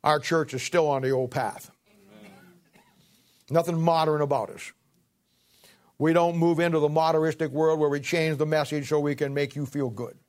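A man preaching as pastor, swelling and slowing to read scripture, then falling back into chatty asides, clearing his throat now and then. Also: a little high, fairly even intonation. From Ohio, United States. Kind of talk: sermon.

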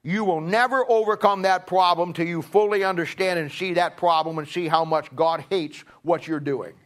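A man's voice: sits high, moderate pace, hardly any pauses, fairly bright tone. A middle-aged man, preaching a sermon in a folksy storytelling way and acting out both sides of a talk. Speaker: pastor.

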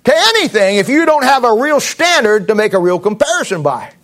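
A man's voice: sits high, sing-song, fairly quick, fairly bright tone. A middle-aged male pastor preaching a sermon in a blunt, folksy way, with sarcastic asides.

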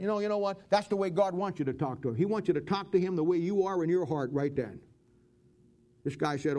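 A man's voice: a little high, fast, darkish tone. A man preaching a folksy, conversational sermon and acting out Bible stories.

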